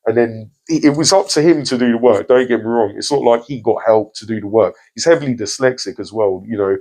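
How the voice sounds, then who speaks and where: A man's voice: medium pitch, a little fast, darkish tone, poor audio. A man hosting a podcast, speaking earnestly with hesitations and restarts. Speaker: podcast host. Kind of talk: casual podcast interview.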